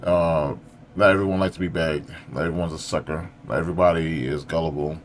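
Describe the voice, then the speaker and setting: A man's voice: a bass voice, fairly even intonation, fairly quick, slight background noise. A man hosting a reaction video, talking casually and frankly, scolding one moment and sympathizing the next. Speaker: reaction streamer host.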